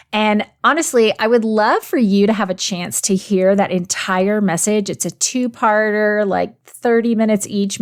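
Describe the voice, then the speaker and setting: Woman podcast host, faith show intro, earnest and encouraging, medium pitch, chatty with some ums. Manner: earnest, encouraging, warmly direct address to listeners; conversational with occasional fillers.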